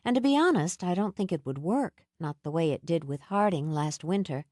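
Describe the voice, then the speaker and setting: A woman's voice: lowish voice, animated, a little mellow, dry recording, clean studio sound, close to an everyday voice. A woman voicing a composed, self-assured witch. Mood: measured. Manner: measured, deliberate.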